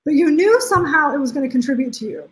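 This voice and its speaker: A woman's voice: high voice, lively intonation, fast, low-quality recording. A woman coaching her viewers on a live stream, upbeat and emphatic, acting out the things people say. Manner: upbeat and emphatic, acts out quotes. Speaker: life coach.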